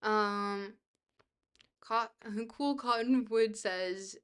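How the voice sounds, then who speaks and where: A woman's voice: mid-range voice, extremely slow, fairly bright tone, smooth. A young woman livestreamer chatting casually with her viewers, bubbly, goofy and self-deprecating. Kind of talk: casual chat, reading viewer messages.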